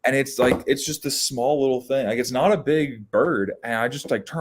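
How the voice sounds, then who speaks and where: On this laid-back storytelling podcast, a young male co-host talks fast at a medium pitch, barely pausing. He spins casual tales about the outdoors in an animated, wandering way, constantly restarting and dropping in fillers.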